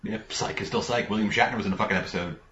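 A man's voice: fairly low pitch, big pitch swings, racing, creaky, fairly bright tone. A man co-hosting a casual chat about TV shows, talking loosely, swearing and laughing often. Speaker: podcast co-host. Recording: roomy, dull lo-fi sound with faint noise.

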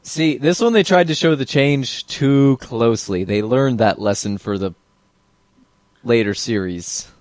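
A man's voice: medium pitch, a little slow, dry recording. A man commenting on a film with friends, offering dry asides and fan trivia. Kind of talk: joking commentary over a film.

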